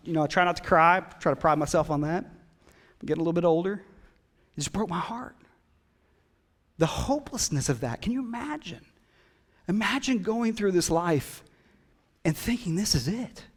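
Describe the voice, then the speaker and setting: Emphatic preacher in a reverberant hall. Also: male voice, on the high side. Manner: swings from loud emphatic build-ups to hushed whispers; conversational, jokes with the congregation. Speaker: pastor. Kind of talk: sermon. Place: church hall. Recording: long hall reverb in a church.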